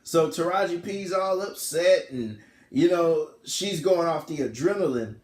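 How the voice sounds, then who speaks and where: Guy rambling thru a movie plot, kinda high voice, slangy, keeps correcting himself. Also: animated, measured pace, reverberant. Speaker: film reviewer. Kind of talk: casual plot retelling.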